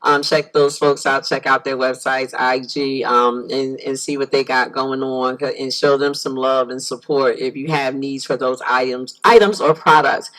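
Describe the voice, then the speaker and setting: A woman's voice: very deep voice, fairly even intonation, moderate pace, hardly any pauses, fairly bright tone, poor audio. A woman hosting a talk show, who chats casually with her guest and reads out her sponsors. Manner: friendly, gives frequent backchannel replies. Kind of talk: casual interview chat.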